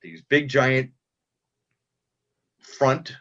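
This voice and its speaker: Halting cartoonist on dull lo-fi audio. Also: male voice, medium pitch, expressive, a bit bright. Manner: halting, self-interrupting, chuckling. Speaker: cartoonist guest. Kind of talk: casual interview chat.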